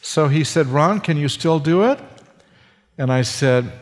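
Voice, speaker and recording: A man, a seminary professor, giving a sermon testimony in a slow, halting way with fillers and restarts. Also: fairly high pitch, lively intonation. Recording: long hall reverb.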